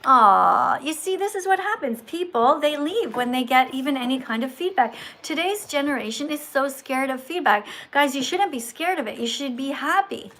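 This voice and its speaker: A woman's voice: high voice, expressive, normal speed, few pauses, fairly bright tone. A woman hosting a live stream in a schoolteacher tone, correcting and praising viewers with emphatic delivery. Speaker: livestream host.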